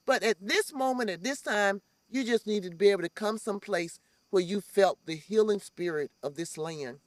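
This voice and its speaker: A woman's voice: mid-range voice, normal speed, no room sound. A woman who organizes a community farm, speaking earnestly in an interview and repeating phrases for emphasis. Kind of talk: heartfelt interview talk.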